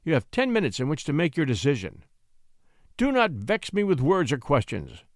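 A man's voice: fairly high pitch, wildly swooping pitch, normal speed, no room sound. Brief: male reader doing an imperious aristocratic uncle, curt and commanding, dry close sound. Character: domineering aristocratic older male uncle, mocking.

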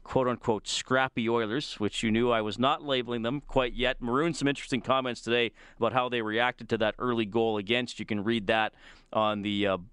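A man hosts a sports radio interview from the studio. He speaks casually, with fillers and restarts. His voice is smooth and clear, and the dry studio mic puts him close. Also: mid-range voice, steady tone, brisk, a bit bright, no echo. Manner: conversational, with frequent fillers and restarts. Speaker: radio sports show host. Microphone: studio microphone.

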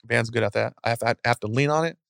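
A man giving a casual motivational talk as a guest speaker, acting out scenes in an animated, storytelling way. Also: medium pitch, fast talker, vocal fry, smooth, no room sound, clean studio sound.

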